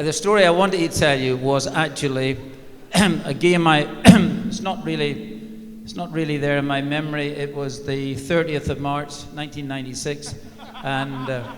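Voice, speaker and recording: Amid background noise and a big hall's long reverb, an older ex-football manager performs live storytelling on a large arena stage. With a fairly high, fairly even voice at normal speed, he spins dry, wry anecdotes.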